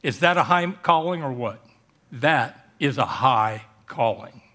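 A male pastor preaching a sermon in church, telling stories and jokes and slowing down on emphatic phrases. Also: mid-range voice, lively intonation, bright, forceful tone. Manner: joking, storytelling preacher with emphatic slowed phrases. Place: church service.

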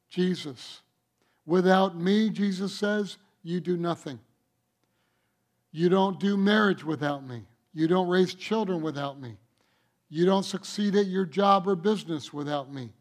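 Guy pastor preaching slow, high voice, keeps asking the crowd questions. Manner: emphatic preaching with rhetorical questions. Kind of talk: sermon.

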